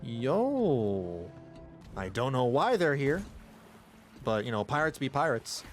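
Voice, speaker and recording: Male game streamer, slow and lively, joking chatter, game music underneath. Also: mid-range voice. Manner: chatty, joking, exclaims often. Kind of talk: casual live-stream commentary.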